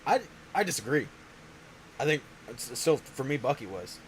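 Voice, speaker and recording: A man's voice: medium pitch, sing-song, moderate pace, slight background noise, poor audio. A man hosting a show, talking in a casual, rambling way, often restarting his sentences. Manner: rambling, self-interrupting. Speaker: show host. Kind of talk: casual chat.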